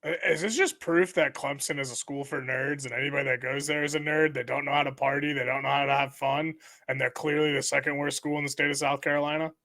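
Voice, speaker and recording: A man's voice: a little high, fairly even intonation, quick pace, gravelly, few pauses, bright, forceful tone. A young adult man co-hosting a podcast, teasing his partner in casual sports banter with hesitant restarts. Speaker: podcast co-host.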